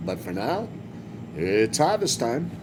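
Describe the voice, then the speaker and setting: This man from Massachusetts has a mid-range voice with big pitch swings and speaks slowly. He offers loose, joking play-by-play on a farming game he's streaming, with a game vehicle engine audible underneath.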